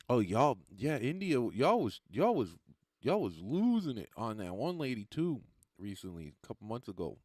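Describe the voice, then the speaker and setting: A man's voice: medium pitch, big pitch swings, a little slow, pauses often, a little mellow, no room sound, studio quality. A man who does stand-up comedy, chatting casually with viewers on a livestream in a loose, rambling, profane way and often laughing at his own lines.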